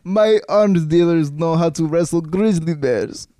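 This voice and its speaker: A man's voice: fairly high pitch, measured pace, dark tone, a little hiss or hum, close to an everyday voice. A man putting on a smug male Russian leader bargaining over the phone, in a mock Russian accent and broken English. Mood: gloating. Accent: put-on Russian. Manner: mocking, gloating, broken English.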